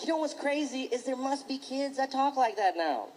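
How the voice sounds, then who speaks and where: Animated male stand-up comedian. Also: very high-pitched, moderate pace, slight background noise, rough recording. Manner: animated, jumps into mocking voices. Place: comedy stage before an audience.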